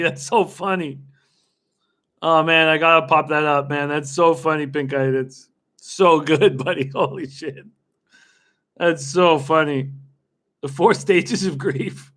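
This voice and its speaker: A man's voice: on the high side, steady tone, slow, fairly bright tone. A young man hosting a live stream, chatting casually with viewers by name and laughing often as he bets on races. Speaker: livestream host betting on horse races.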